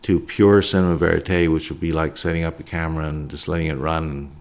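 A man's voice: rumbling low, little pitch movement, fairly quick. A documentary filmmaker, a man, answering interview questions in a plainspoken, reflective way.

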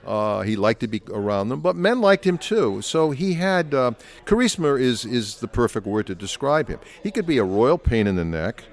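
An older man talks through a relaxed interview as a biographer, trading stories in an easy, anecdotal manner. He slips briefly into other people's voices to recount what they said. His voice sits at an ordinary middle pitch. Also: normal speed, hardly any pauses.

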